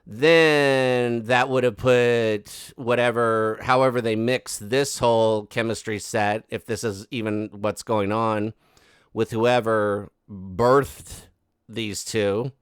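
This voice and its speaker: A man's voice: on the low side, steady tone, slow pace, clear, resonant tone, dry recording, studio quality. A man giving casual gossip commentary, rambling and sarcastic with many fillers and asides. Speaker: commentary host.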